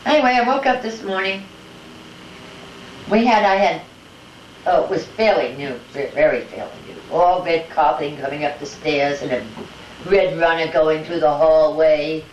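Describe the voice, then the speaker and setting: An older woman being interviewed at home, telling lively family anecdotes and acting out the voices of her family. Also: low voice, moderate pace. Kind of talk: casual storytelling at home. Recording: echoey room, distant mic, dull home-video sound with faint hiss.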